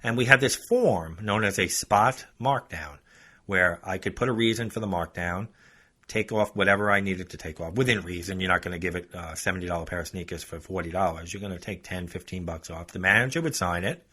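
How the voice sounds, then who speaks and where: A man's voice: sits low, fairly quick, sharp tone. A male podcast host telling a story in a chatty, casual way, talking straight to his listeners. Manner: chatty, addresses listeners as folks.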